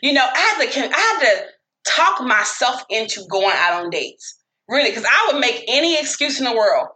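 A woman telling dating stories in casual chat, profane and animated. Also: fairly high pitch, moderate pace, roomy sound.

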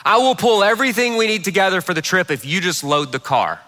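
A man voicing his wife in a sermon story, giving her calm, teasing lines. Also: sits high, fast. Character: wife, adult woman, calm and practical.

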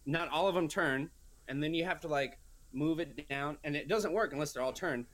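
This young podcast co-host has a voice on the high side and talks at a moderate pace. In loose, rambling chat he tells animated stories, voicing his own quoted lines in put-on tones.

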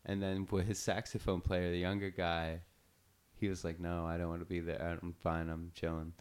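A man's voice: low-pitched, monotone, moderate pace, darkish tone, clean tone. A man hosting a podcast, telling a story in a loose, profane way full of fillers. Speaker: podcast host. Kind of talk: casual storytelling chat.

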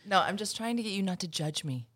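A woman's voice: mid-range voice, animated, fast, fairly bright tone, husky. A woman from Oklahoma co-hosting a podcast, playful and teasing in casual chat.

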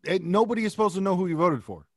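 A man's voice: high voice, lively intonation, rapid-fire, no room sound, clean studio sound. A man co-hosting a podcast, making emphatic points in casual chat. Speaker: podcast co-host.

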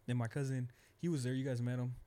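A man hosts a casual podcast conversation. He talks quickly in a dark, mellow voice and tells stories in relaxed, slangy speech. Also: mid-range voice. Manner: relaxed slang-heavy storytelling. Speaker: podcast host.

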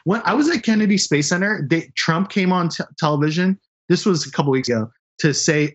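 A candid male space reporter sounds off in loose, casual conversation. His voice sits fairly high, and he gives blunt opinions without softening them. The audio is dull and lo-fi. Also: brisk, few pauses. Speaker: space journalist.

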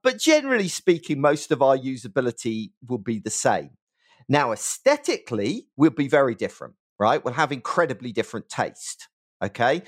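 A man's voice: medium pitch, normal speed. A middle-aged man with a West Country English accent, explaining design testing as an interview guest, emphatic and often checking in with "right?". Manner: animated, emphatic, peppers speech with "right?". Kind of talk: conversational interview.

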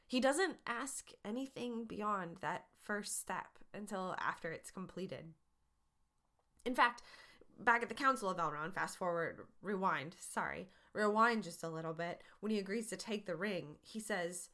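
A woman hosts a podcast and answers listener questions in relaxed, casual talk. She sounds earnest and encouraging, speaking at a middle pitch in a conversational way. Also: measured pace.

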